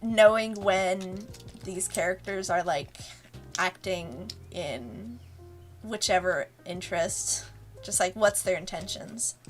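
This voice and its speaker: A woman's voice: mid-range voice, takes it slowly, soft background music. A woman, a webcomic creator, giving a casual, rambling commentary and laughing often between thoughts. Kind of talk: casual director's commentary stream.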